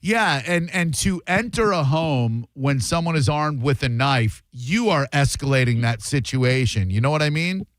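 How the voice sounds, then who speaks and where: A man's voice: a little high, lively intonation, moderate pace, hardly any pauses, dry recording. A man hosting a call-in talk radio show, blunt and opinionated.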